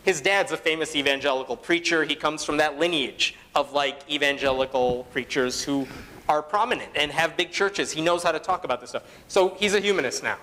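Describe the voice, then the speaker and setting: A man gives a conference talk in a casual, conversational way. His voice sits a little high and carries a long hall reverb. He drops in fillers and quoted asides. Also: brisk, bright, forceful tone. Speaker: conference speaker. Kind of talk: public talk to an audience.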